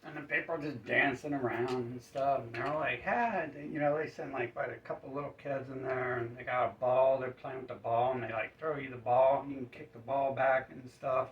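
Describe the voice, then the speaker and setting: A man's voice: mid-range voice, fairly even intonation, brisk, hardly any pauses, slight background noise. A man telling a rambling comic story full of fillers. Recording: roomy, distant, dull sound.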